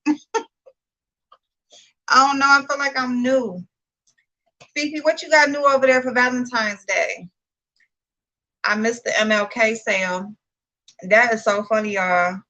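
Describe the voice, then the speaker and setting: A young woman talks loosely and informally to her livestream viewers as she sits down to do her makeup. She calls out commenters by name and admits she is a bit nervous. Her voice is bright and forward. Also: fairly high pitch, normal speed, pauses often, dull audio. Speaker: beauty YouTuber hosting a livestream. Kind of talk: casual livestream chat.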